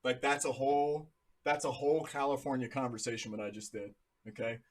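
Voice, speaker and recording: A man's voice: mid-range voice, steady tone, fairly quick. A man in his thirties from New Jersey, casually talking through charts on a live stream in a chatty, jokey way. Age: 30s. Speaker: crypto livestream host.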